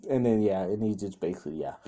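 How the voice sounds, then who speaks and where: A young man retells a made-up fan story as it comes to him. He rambles and restarts often. His voice sits fairly low and sounds mellow and dark. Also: lively intonation, quick pace. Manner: rambling, with many fillers and restarts; quotes characters in his own voice.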